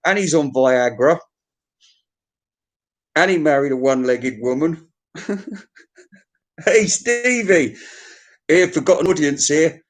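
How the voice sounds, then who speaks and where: A man's voice: a little high, expressive, slow pace, pauses often. A man hosting a vinyl collector's live stream, ranting sarcastically and swearing as he talks to his chat. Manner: profane, sarcastic, mocking rant. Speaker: vinyl collector channel host.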